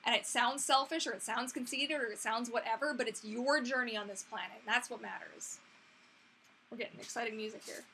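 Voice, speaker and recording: A woman's voice: on the high side, fairly even intonation, brisk, bright, forceful tone, slight background noise. A woman in her thirties hosting a casual live Q&A, chatty and rambling, full of fillers and restarts. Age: 30s. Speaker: livestream host answering viewer questions.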